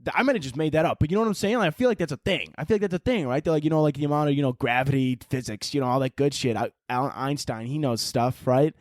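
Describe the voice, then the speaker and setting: A man's voice: fairly high pitch, fast talker, hardly any pauses, no room sound, clean studio sound. A man hosting a solo podcast, rambling and joking with frequent swearing. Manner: rambling, profane, jokey. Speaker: podcast host.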